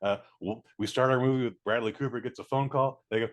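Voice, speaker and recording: A man giving a casual spoken movie review, blunt and profane, acting out scenes in quick little voices. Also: medium pitch. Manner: blunt, profane, animated, mimics characters.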